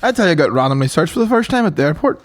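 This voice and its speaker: A man's voice: fairly high pitch, sing-song, racing. A young Irish man telling crude, laughing anecdotes as a podcast co-host in casual comedy chat. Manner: crude storytelling with put-on voices.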